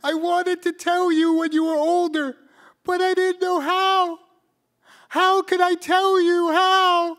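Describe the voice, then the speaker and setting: A man's voice: extremely high pitch, little pitch movement, takes it slowly, gravelly, a bit bright, voice pushed up, exaggerated voice. A man voicing his middle-aged father as he holds back sobs, his voice a pleading whine. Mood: tearful pleading.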